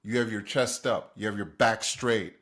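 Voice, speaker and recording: Man from Jamaica, fairly low voice, hosts a motivational talk, punchy questions aimed at the audience. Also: moderate pace, fairly bright tone. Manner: emphatic, fires rhetorical questions at the listener. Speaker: host.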